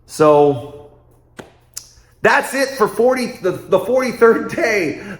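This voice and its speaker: A man hosting his own political commentary show, talking emphatically and repeating phrases in quick rhetorical bursts. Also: high voice, lively intonation, reverberant.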